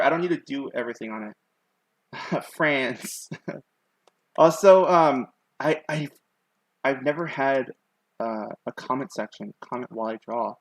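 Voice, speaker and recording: A man's voice: medium pitch, measured pace, long pauses, no room sound, poor audio. A young man with a lisp, chatting casually and rambling self-consciously on a live stream, with many ums and likes. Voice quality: lisp on his S sounds.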